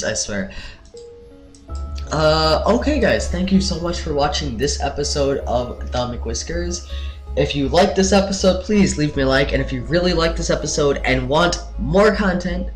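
A man hosting a let's play, reacting with excitable outbursts and plenty of fillers while he orders his crew around. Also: on the high side. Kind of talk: casual gameplay commentary.

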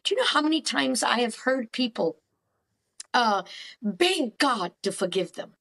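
A woman therapist and podcast guest who talks in an animated, emphatic way and often acts out quoted dialogues in a faith-based counselling conversation. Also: on the high side, measured pace, creaky, breathy edge.

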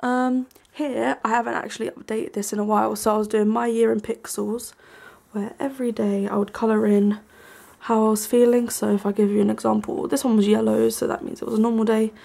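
A young woman talks her way around her tiny bedroom in a loose, rambling vlog style, filling gaps with ums and likes. Her voice sits a touch high, with a husky, breathy edge and a gravelly fry at the ends of phrases. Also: little pitch movement, brisk. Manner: hushed at times so as not to wake her brother. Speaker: vlogger. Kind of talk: casual room tour vlog. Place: small bedroom, indoors.

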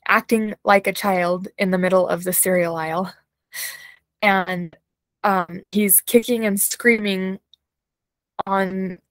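Woman, guided imagery practitioner, soothing, unhurried, medium pitch, dry sound. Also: no echo, poor audio. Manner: slow, soothing guidance with soft laughs and yawns. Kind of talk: unscripted guided imagery session.

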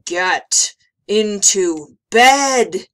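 A woman's voice: on the low side, takes it slowly, vocal fry, full character voice. A woman voicing a hulking, grumpy male monster who growls and barks orders. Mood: thundering. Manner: growling, thundering commands.

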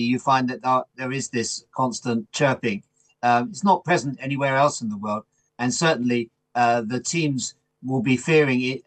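A man speaking as a cricket pundit on a TV panel, giving measured, confident analysis. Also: medium pitch, husky, no room sound, low-quality recording. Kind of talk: TV panel commentary.

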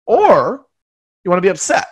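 A man's voice: sits high, wildly swooping pitch, moderate pace, husky. A man who is a guest on a podcast, talking thoughtfully and encouragingly in casual conversation. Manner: reflective, encouraging, speaks about self-love.

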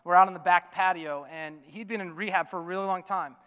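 A man preaching a sermon as pastor, swinging from loud urging to a soft hush. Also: high-pitched, steady tone, brisk, clear, resonant tone, in a large hall. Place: church sanctuary.

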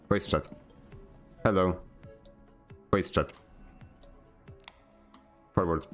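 A young man, streaming a game and barking short voice commands, sarcastic and easily annoyed. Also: sits low. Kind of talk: casual gameplay streaming with voice commands.

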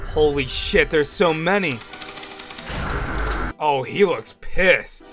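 A young man giving loud, excitable gameplay commentary with frequent yelling and swearing. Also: on the high side, takes it slowly, long pauses, music in the background. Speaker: gaming YouTuber.

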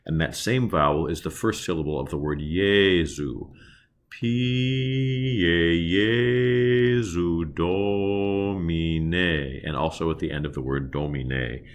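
A man leading a choir diction lesson, explaining vowel sounds carefully and singing slow demonstrations. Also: rumbling low. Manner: unhurried, careful teaching with slow sung demonstrations. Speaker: choir director.

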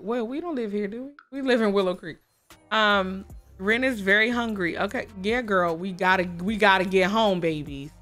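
A woman, hosting a casual, excitable let's-play and chatting to viewers as she plays. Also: mid-range voice. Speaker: gaming video host. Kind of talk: casual game commentary.

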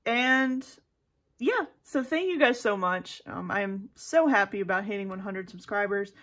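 A woman's voice: medium pitch, animated, moderate pace, a bit bright. Chatty young woman vlogging casually. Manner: chatty, rambling, self-deprecating. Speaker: planner vlogger. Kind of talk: casual vlog chat.

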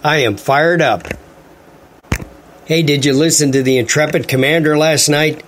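A man's voice: on the high side, a little slow, a bit bright, slight background noise. A man hosting a talk radio show, ranting in an indignant, rambling way.

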